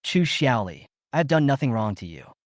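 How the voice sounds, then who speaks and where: A man voicing a spiteful young woman who turns sharp and defensive, with a lively delivery. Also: mid-range voice, fairly quick, no echo, studio quality, lightly acted.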